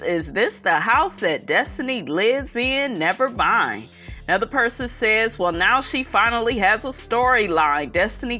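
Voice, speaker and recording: A sassy woman chats casually about gossip, her bright voice swinging up and down in pitch. She talks slowly and calls her listeners honey and child. Faint music plays underneath. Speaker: gossip commentator. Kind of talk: casual chat reading comments.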